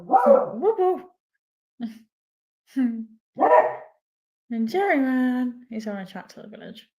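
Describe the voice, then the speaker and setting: Woman pet sitter vlogging, high voice, unhurried playful baby talk to dogs, echoey room. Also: very animated, dark tone. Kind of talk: casual vlog chatter to pets.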